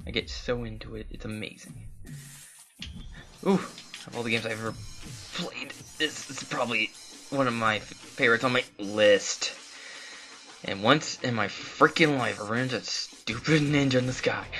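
A let's play host giving live gameplay commentary, excitable, swearing often and talking to the game. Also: mid-range voice, moderate pace, faint music behind.

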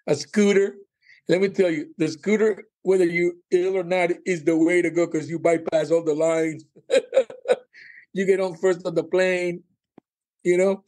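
Male comedian guest, higher voice, animated raconteur, frequent laughter. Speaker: comedian and former cruise director. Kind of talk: casual interview storytelling.

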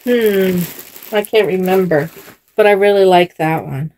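A woman's voice: medium pitch, measured pace, darkish tone, slight background noise. A woman vlogger chatting casually while she dresses dolls, talking in a chatty way and laughing often. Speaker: doll channel vlogger.

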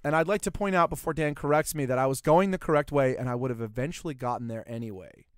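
A man's voice: mid-range voice, quick pace, clear, resonant tone, no room sound, clean studio sound. A man hosting a podcast, telling rambling stories in casual chat and acting out the quotes. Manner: rambling, animated storyteller who acts out quotes. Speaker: podcast host.

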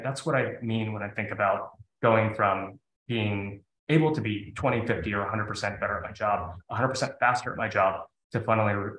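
Bright-voiced man hosting a webinar, echoey. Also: fairly low pitch. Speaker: webinar host. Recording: echoey room.

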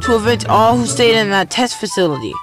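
A man's voice: high voice, expressive, fairly quick. A man hosting a gaming video, chatting casually and reacting aloud as he plays. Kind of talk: casual gameplay commentary. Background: game music.

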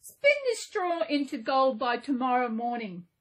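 A woman's voice: high voice, sing-song, measured pace, fairly bright tone, exaggerated voice. A woman reading aloud and voicing a stern, demanding king in a storybook tale.

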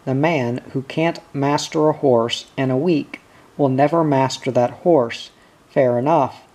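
A man's voice: mid-range voice, measured pace, a little mellow, close to an everyday voice. A man reading the lines of a blustering, growling cattle boss in a storybook reading. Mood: gruff. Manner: growling, snappish, bossy.

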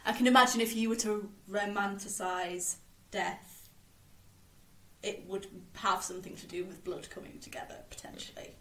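A woman's voice: mid-range voice, normal speed. Woman cohost chatting about a play, laughs a lot, echoey room sound. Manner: animated, laughs often, reads lines aloud. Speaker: podcast co-host. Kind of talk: casual chat about a play. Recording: roomy echo.

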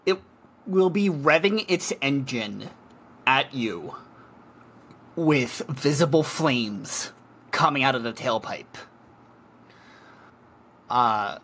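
Game master, unhurried, lively pitch, halting narration. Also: slightly rough.

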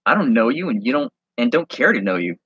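A man's voice: mid-range voice, big pitch swings, quick pace, fairly bright tone, husky, no room sound, muffled recording, heavily acted. A man voicing a curt, cold young woman. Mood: irritated. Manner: curt and dismissive. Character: cold, guarded young woman bookstore browser.

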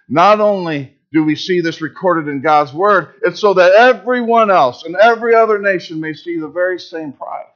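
A pastor giving a sermon in church, preaching with emphasis and asking the congregation rhetorical questions. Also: male voice, a little high, fairly bright tone, dull audio.

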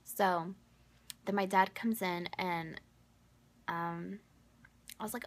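A woman's voice: medium pitch, fairly even intonation, slow, long pauses. A young woman telling a story in a casual vlog, gossipy and exasperated, filling her talk with "like". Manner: gossipy, exasperated, heavy use of "like". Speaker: vlogger.

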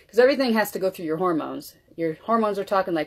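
A woman with a slightly low voice talks to her viewers in a loose, chatty way while she fixes her morning coffee. She moves around as she works, so her voice drifts closer and farther from the mic. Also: animated, fast talker, few pauses. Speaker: wellness vlogger. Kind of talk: casual cooking demo chat.

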